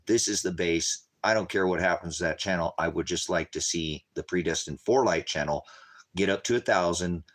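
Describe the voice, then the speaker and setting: A man preaching and chatting on a livestream, rambling and emphatic, dropping to low mutters and rising into outbursts. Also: a bit bright. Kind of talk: casual livestream talk to chat.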